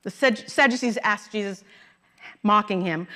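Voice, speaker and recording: A woman's voice: mid-range voice, expressive, normal speed, fairly bright tone. A middle-aged woman minister giving a conversational sermon in a church, chuckling now and then at her own stories. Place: church sanctuary.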